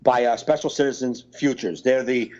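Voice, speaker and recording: A man co-hosting a podcast, chatting casually, telling stories at length with restarts and quick bursts of mimicry. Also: medium pitch, muffled recording. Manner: rambling, animated storytelling with impressions. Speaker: podcast co-host. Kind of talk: casual chat.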